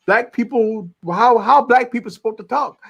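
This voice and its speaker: A man's voice: very high voice, normal speed, vocal fry, fairly bright tone. A man co-hosting a casual live panel chat, talking emphatically and acting out quoted voices.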